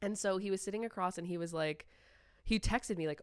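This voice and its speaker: Woman, 30s, podcast host, casual comedic chat, laughs often, smooth crisp voice, dry close sound. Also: sits low, fairly even intonation, no room sound. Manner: joking, laughs often, quick storytelling.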